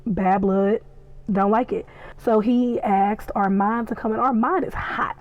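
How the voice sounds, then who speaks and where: A woman giving a casual, excitable recap and reaction, chatty and acting out the scenes as she tells them. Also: medium pitch, a little slow, dry recording, lo-fi sound. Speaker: podcast reviewer.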